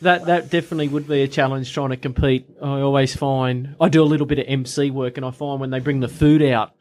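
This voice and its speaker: Measured male podcast host. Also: mid-range voice, fairly even intonation, darkish tone. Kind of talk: interview questions.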